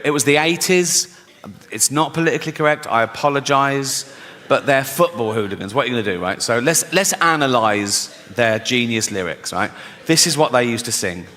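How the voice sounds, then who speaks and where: Bright-voiced man doing stand-up in a hall. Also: a little high. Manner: conversational, keeps asking "right?", acts out quotes. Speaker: stand-up comedian. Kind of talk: stand-up comedy routine. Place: large live venue with audience. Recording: live hall reverb, faint room noise.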